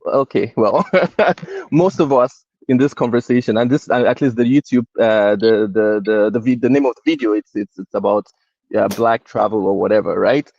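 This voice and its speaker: A man's voice: on the low side, moderate pace, darkish tone, dry recording. Hesitant man on a dull, dry line. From Canada. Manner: hesitant, filler-heavy. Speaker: guest. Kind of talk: casual livestream panel talk.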